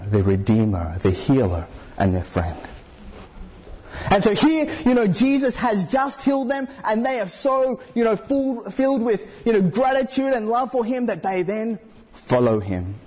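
A man's voice: high-pitched, very animated, measured pace, darkish tone, breathy edge. A man preaching a sermon in a conversational way, full of "you know" fillers and questions put to the congregation.

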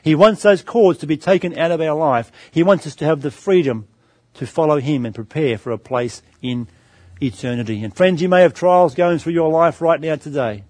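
A man's voice: fairly high pitch, normal speed, darkish tone, no room sound. A middle-aged man preaching a sermon, calling his listeners friends and asking them rhetorical questions. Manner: storytelling anecdote with varied pace.

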